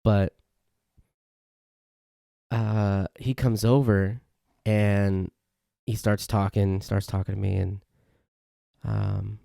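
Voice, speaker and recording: Gravelly low-voiced man rambling on a podcast. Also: little pitch movement, very slow, long pauses, dark tone, dry recording, clean studio sound. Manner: rambling storytelling, mimics friends in higher voice. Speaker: podcast host. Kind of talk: casual solo podcast rant.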